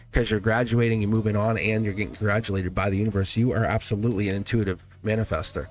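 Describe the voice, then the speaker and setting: A man hosting a live tarot reading, talking casually and encouragingly to his viewers, laughing often and restarting his words. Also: on the low side. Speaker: tarot reader hosting a livestream.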